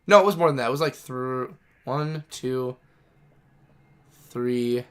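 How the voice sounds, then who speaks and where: Taking it slowly, a man with a smooth, fairly bright, medium-pitched voice streams a game. He casually rambles through a long story as he plays, restarting sentences and swearing freely.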